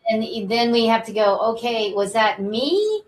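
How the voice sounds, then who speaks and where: A woman hosting a talk show, affirming her guest with gentle interjections in casual interview chat. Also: fairly high pitch, very animated, moderate pace.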